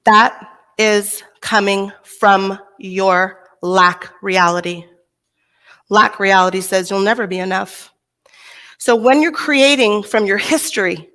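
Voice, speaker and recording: A woman's voice: mid-range voice, measured pace. A middle-aged woman from Texas giving a motivational keynote speech on a conference stage, telling stories and acting out the voices of people in them. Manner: animated storyteller, acts out voices in quotes. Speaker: motivational speaker.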